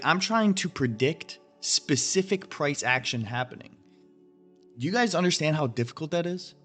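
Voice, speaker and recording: Hosting a crypto trading channel, a man addresses viewers directly in a blunt, profane, emphatic rant as he goes over his chart analysis. His voice is medium-pitched.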